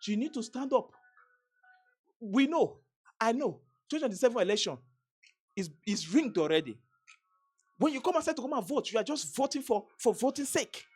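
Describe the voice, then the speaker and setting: A woman's voice: a little high, sing-song, normal speed, long pauses, a little mellow, breathy edge, soft background music. A Nigerian woman vlogger giving an emphatic political commentary, repeating phrases and restarting sentences as she presses her points. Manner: emphatic, repetitive, stammering restarts.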